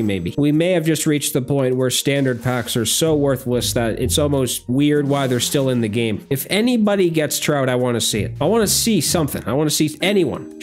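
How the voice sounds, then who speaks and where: Young guy rambling into his desk mic while playing, tired and mumbly then suddenly hyped, light music under it. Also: on the high side. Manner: weary, rambling, swinging between flat mutters and excited outbursts. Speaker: gaming video creator. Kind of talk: casual live commentary while opening packs. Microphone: desk microphone.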